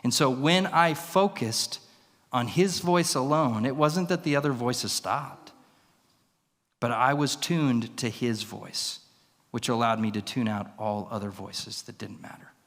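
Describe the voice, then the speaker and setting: A man's voice: medium pitch, measured pace, fairly bright tone. A male pastor telling a story in a sermon, vividly acting out the voices in it. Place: church sanctuary. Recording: long reverb in a church hall.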